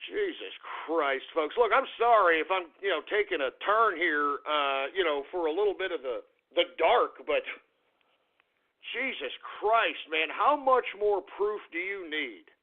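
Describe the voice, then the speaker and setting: A man's voice: high voice, animated, a little slow. A man hosting a talk radio show, ranting angrily at listeners and repeating himself as he builds up steam. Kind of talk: political talk radio rant. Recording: phone-like lo-fi radio audio.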